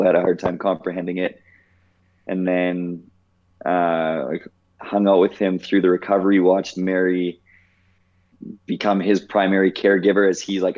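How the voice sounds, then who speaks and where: A man's voice: deep voice, a little mellow, highs cut off. A man in his thirties, a podcast guest, telling a personal story in a casual, reflective way with many "like"s. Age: 30s. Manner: reflective, heavy use of "like".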